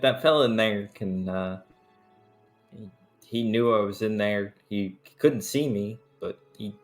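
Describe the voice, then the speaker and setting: A man playing a tabletop game, talking hesitantly in character with lots of stammering. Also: lowish voice. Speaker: player.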